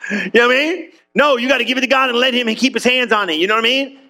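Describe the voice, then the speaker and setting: Preaching with high energy, this pastor talks to his congregation in a relaxed, slang-heavy way, throwing questions at the room. He slips into rapid character voices, and his delivery shifts between loud outbursts and slow, low stretches.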